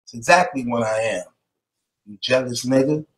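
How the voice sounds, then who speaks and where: A man's voice: mid-range voice, normal speed, roomy sound. A man delivering a mocking rant to the camera, taunting and repeating his jabs and breaking into laughter between them.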